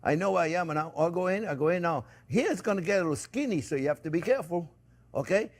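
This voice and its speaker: Cooking guy chatting to his friends at home, kinda high voice, bouncy up and down, says everything twice. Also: animated, fast talker. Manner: chatty, addresses viewers as friends, repeats himself. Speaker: cooking show host.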